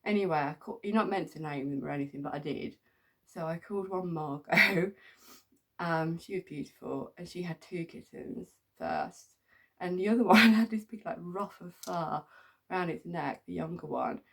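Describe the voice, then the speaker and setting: A middle-aged woman from England rambles through her stories, laughing often and filling pauses with ums. Her voice sits low, with a gravelly edge. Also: fairly bright tone. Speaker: vlogger. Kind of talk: casual storytelling.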